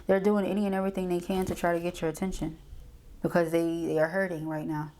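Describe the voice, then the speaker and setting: A woman's voice: lowish voice, level tone, fast, a little mellow. A woman doing a casual tarot reading, chatty and slangy, often checking in with "okay?". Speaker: tarot reader.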